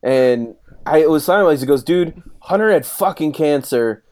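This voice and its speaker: A man's voice: on the high side, moderate pace. A man in his thirties telling a rowdy story in casual chat, swearing freely and acting out what others said. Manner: profane, animated storyteller acting out quotes.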